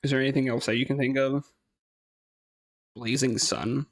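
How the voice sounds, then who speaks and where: This man speaks at a medium pitch and normal pace, keeping his tone steady. He's a gaming streamer chatting loosely through a game, hesitant and rambling, with plenty of laughter and the occasional swear word.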